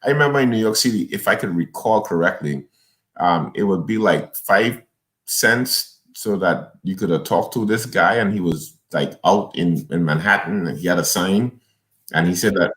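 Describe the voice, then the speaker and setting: Low-voiced pastor urging men to act. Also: male voice, moderate pace, fairly bright tone. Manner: repeats words, restarts, preacherly urging. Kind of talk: conversational interview, exhorting.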